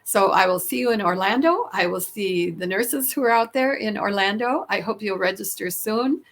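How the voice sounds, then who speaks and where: Creaky-voiced woman podcast host. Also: mid-range voice, moderate pace. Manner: earnest, many fillers and restarts. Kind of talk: casual interview chat.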